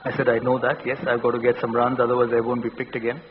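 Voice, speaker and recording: A man's voice: flat delivery, fast talker, slight background noise. Indian guy in his 40s, motivational speech in a big hall, earnest, keeps restarting, kinda muffled and echoey. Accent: Indian English. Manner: earnest storytelling, repeats words and restarts. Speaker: keynote speaker. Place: large hall. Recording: dull, boomy hall recording.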